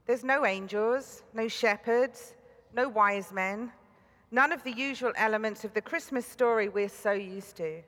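A woman's voice: medium pitch, a bit bright, in a large hall. A British woman preaching a sermon, telling stories with dry humor. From Britain.

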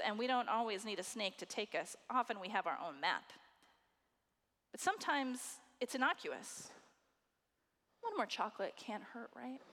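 Woman preacher, fairly high voice, emphatic sermon, dramatic pauses, long hall reverb. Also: fairly bright tone.

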